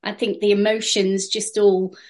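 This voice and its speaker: Calm woman explaining an exercise. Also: medium pitch, moderate pace. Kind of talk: training session explanation.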